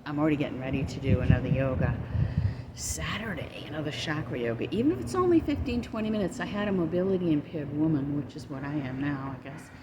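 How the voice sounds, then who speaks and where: A woman's voice: low voice, animated, quick pace. Breathless woman vlogging on a walk. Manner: chatty, rambling, self-encouraging. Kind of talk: casual walking vlog. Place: outdoors on a walk near traffic. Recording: loud outdoor noise with passing vehicles.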